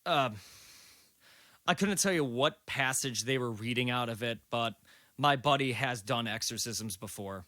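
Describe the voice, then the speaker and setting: Bright-voiced man in his late twenties. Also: mid-range voice, measured pace, no room sound, clean studio sound. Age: late 20s. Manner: loose, rambling, swears freely. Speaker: podcast guest. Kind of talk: casual storytelling.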